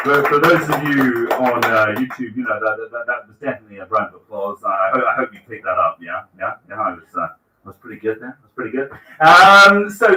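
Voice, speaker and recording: A man hosts an open mic night in a small bookshop, rambling and self-mocking between songs. His voice is bright and animated and rises and falls a lot. It is picked up from some distance in a roomy space, with a faint guitar behind. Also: medium pitch, a little hiss or hum. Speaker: open mic host and singer. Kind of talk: casual stage patter and comic song with guitar. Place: small bookshop stage, live audience.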